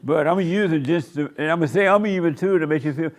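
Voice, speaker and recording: A man's voice: fairly high pitch, fast talker. A man leading a church discussion, blunt and teasing as he challenges the people in the room. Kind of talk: blunt preaching in group talk.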